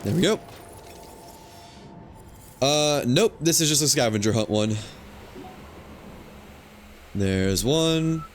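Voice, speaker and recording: A male streamer talks himself through a game in a slow, unhurried way, half muttering as he plays. His pitch sits in an ordinary middle range. A faint hiss of noise runs underneath the voice. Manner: relaxed, muttering to himself while playing. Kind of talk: casual gameplay commentary.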